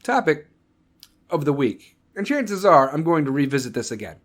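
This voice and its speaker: Swearing american vet guy ranting on his podcast, kinda high voice. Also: sing-song, normal speed, noisy background. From United States. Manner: heavy profanity, heated ranting; mocking voices when quoting others. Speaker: podcast host; combat veteran. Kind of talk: solo podcast rant.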